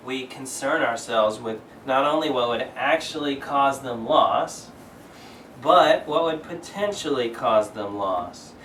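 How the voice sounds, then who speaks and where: A man's voice: medium pitch, slight background noise. A male pastor preaching a conversational sermon, asking rhetorical questions and acting out quotes. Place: church sanctuary. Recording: echoey church room, miked from a distance.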